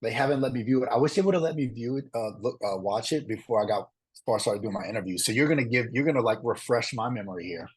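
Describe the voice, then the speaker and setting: A man being interviewed about his time on a competition show, talking in a quick, rambling way with lots of "like" and "uh" fillers. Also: medium pitch, slightly rough. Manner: fast, rambling, fills with "like" and "uh". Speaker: reality show contestant interviewee. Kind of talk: candid interview.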